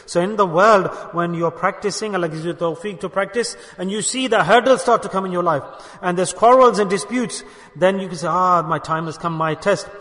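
High bright preacher in an echoing hall. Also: male voice, brisk. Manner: emphatic, swings from loud exhortation to hushed asides. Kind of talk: sermon.

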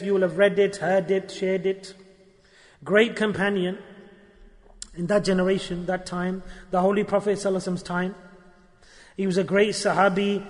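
Man with a really high voice telling a story sermon, lively, long reverb in a big hall. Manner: animated, acts out dialogue, sprinkles in Arabic religious terms. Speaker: preacher. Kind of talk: storytelling sermon at a religious gathering. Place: gathering hall.

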